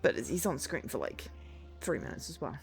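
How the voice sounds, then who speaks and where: Rumbling low and creaky, this woman's voice has a sing-song lilt and moves at normal speed over faint background music. She's a streamer in her thirties, chatting casually while she plays and drifting between tangents in a rambling, self-deprecating way.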